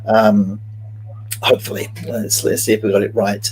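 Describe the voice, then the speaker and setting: A man's voice: fairly low pitch, monotone, moderate pace, darkish tone, slight background noise, low-quality recording. A man hosting a live-streamed multiple-choice quiz, chatty and jokey, greeting viewers by name as he reads out the questions. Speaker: quiz host.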